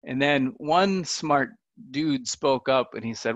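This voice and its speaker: A man gives a casual talk to a remote audience. He chats, jokes at his own expense and leans on fillers. His medium-pitched voice comes through dull, dry webinar audio with no room sound. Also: takes it slowly, fairly bright tone, no echo. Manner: chatty and self-deprecating, with many fillers. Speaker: conference speaker.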